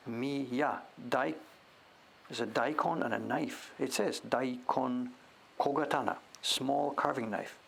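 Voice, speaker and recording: Gravelly man musing aloud. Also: medium pitch, slow, a bit bright, slight background noise. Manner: muses aloud, sounding out names; drops to whispers now and then. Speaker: host. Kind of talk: casual show-and-tell commentary.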